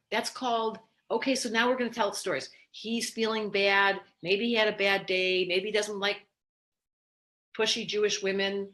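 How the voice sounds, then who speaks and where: A woman astrologer giving a casual, animated spoken lesson, telling candid stories in an expressive way. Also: medium pitch. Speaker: astrologer teaching.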